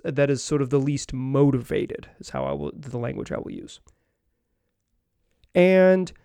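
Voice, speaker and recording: A man's voice: fairly high pitch, darkish tone, no room sound. A man hosting a sports podcast, talking casually and rambling with many restarts and fillers. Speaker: podcast host.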